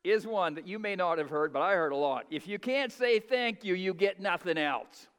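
Pastor, male, high pitch, folksy emphatic sermon delivery, reverberant church hall. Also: expressive, normal speed, smooth. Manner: folksy preaching, rising to loud emphatic climaxes.

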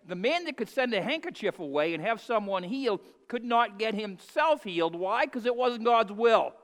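A man preaching a sermon as pastor, moving from soft, hushed asides to loud, emphatic declarations and leading the congregation to repeat phrases. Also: high voice, lively intonation, normal speed, few pauses. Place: church sanctuary. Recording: long hall reverb.

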